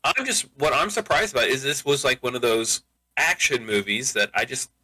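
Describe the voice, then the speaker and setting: A young man co-hosting a podcast in casual chat, easygoing and wry with hesitant pauses. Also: medium pitch, lively intonation, sharp tone, no echo, poor audio. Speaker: podcast co-host.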